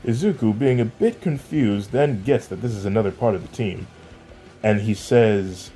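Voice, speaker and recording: A man narrating a fan-made story in a plain, steady way, with small slips, over faint music. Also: fairly low pitch, normal speed. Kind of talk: amateur fan-fiction storytelling.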